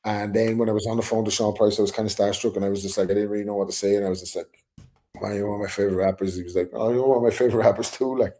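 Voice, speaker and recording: A man's voice: on the low side, level tone, very fast, mellow. A middle-aged Irish man telling a story in a casual chat, acting out the quotes and swearing freely. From Ireland. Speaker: guest rapper.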